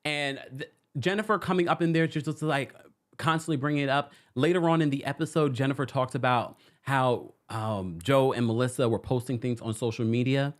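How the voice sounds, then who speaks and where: A man's voice: medium pitch, a little fast. A man hosting a casual reality TV recap, talking to his viewers and reading their comments aloud. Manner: animated, acts out quotes, reads viewer comments.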